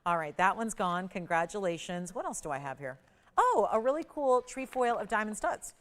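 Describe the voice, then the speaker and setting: Smooth-voiced woman hosting a shopping show. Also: medium pitch, big pitch swings, moderate pace, fairly bright tone. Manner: enthusiastic, emphatic sales patter. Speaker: shopping channel host. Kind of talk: live on-air sales pitch. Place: TV studio.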